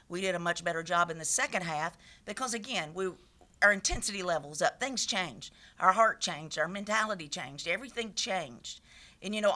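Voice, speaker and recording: A woman's voice: on the low side, bright, forceful tone. A woman head coach speaking at a press conference, emphatic and passionate, repeating her key points.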